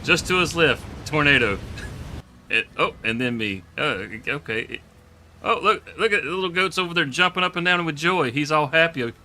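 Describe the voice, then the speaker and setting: A man's voice: fairly high pitch, lively intonation, normal speed, bright, forceful tone. A man giving live gameplay commentary, joking, laughing often and talking to the game animals. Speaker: streamer.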